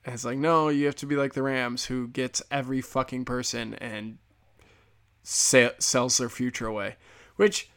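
A man's voice: mid-range voice, little pitch movement, normal speed, fairly bright tone, clean tone. An American man hosting a podcast, ranting casually with sarcasm and lots of swearing. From United States. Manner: profane, sarcastic, opinionated. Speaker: podcast host. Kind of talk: casual comedic rant.

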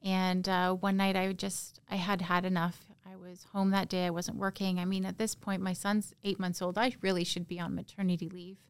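Halting, gravelly-voiced woman from Canada. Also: lowish voice, little pitch movement, no echo. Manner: halting, emotional, soft-spoken recounting. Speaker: podcast guest. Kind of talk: personal storytelling in an interview.

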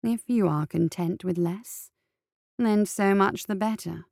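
A woman voicing a foul little man who courts a flower girl with slow, smooth words and snarls when crossed. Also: medium pitch, darkish tone, no echo, studio quality. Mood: oily persuasion. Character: oily, menacing little man, a suitor.

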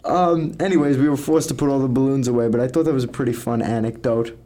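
A man's voice: mid-range voice, fairly even intonation, fast, mellow. A young man co-hosting a podcast, telling stories in a rambling, casual way and swearing freely. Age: young adult. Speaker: podcast co-host.

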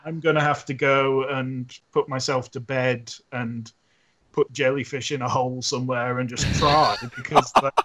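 A man co-hosting a casual podcast, telling an animated story with frequent laughs and restarts. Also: medium pitch, normal speed. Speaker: podcast co-host and robot builder. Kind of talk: casual chat.

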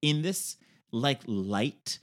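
A woman's voice: a bass voice, animated, very slow. A woman co-hosting a podcast, recapping a film in casual, playful chat and slipping into silly voices. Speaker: podcast co-host.

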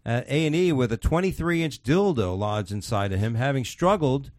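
A man's voice: mid-range voice, lively intonation, moderate pace, a little mellow, no echo, clean studio sound. A man hosting a podcast, chatting casually and reading out odd news stories in a crude, swearing, laughing way. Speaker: podcast host.

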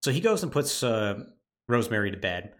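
Lively, animated male podcast host. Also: lowish voice, a little fast. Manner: animated plot retelling with lots of "like" fillers. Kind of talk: casual podcast chat.

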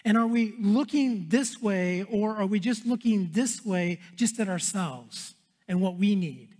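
A male pastor preaching a sermon in an earnest way, repeating phrases and dropping to a hush for emphasis. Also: high-pitched, lively intonation, measured pace. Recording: long hall reverb.

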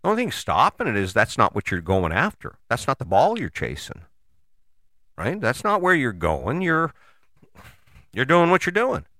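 A man giving a casual motivational talk, conversational and animated, with frequent rhetorical questions and the odd curse word. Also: mid-range voice, moderate pace, dry recording, clean studio sound. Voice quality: casual, swears freely. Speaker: motivational host. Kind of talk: motivational monologue.

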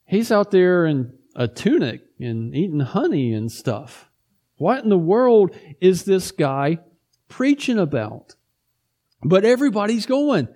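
A man's voice: high voice, darkish tone. A man preaching a conversational sermon as pastor, often asking "right?" and acting out the people he quotes. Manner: conversational, acts out quoted exchanges.

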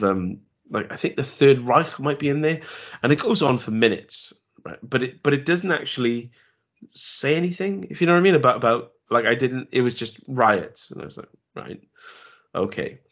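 Rambling man, low voice. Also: fairly bright tone. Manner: rambling, restarts, dry jokes. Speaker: podcast co-host. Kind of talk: casual film review chat. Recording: dull lo-fi audio.

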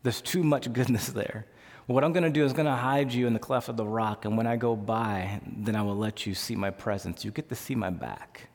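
A man voicing God as a relaxed, reassuring male deity who talks plainly. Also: lowish voice, fairly quick. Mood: solemn. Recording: long hall reverb.

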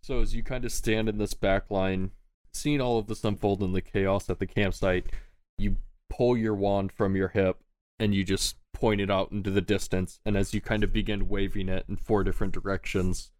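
A man's voice: low-pitched, little pitch movement, moderate pace, no room sound. A man narrating a tabletop game as game master, casual and laughing often, swearing freely.

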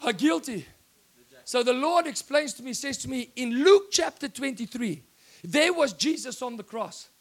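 A man with a South African accent preaching an excitable sermon, often breaking into shouts. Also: extremely high pitch, moderate pace.

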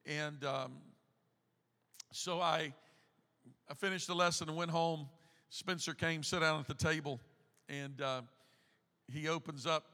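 High, bright-voiced preaching pastor. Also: male voice, big-room sound. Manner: preaching with rising, shouted emphasis and repetition. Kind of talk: sermon. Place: church sanctuary.

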